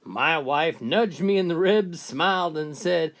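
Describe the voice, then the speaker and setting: A man telling a countdown of jokes with animated storytelling. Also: a little high, measured pace. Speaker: joke teller.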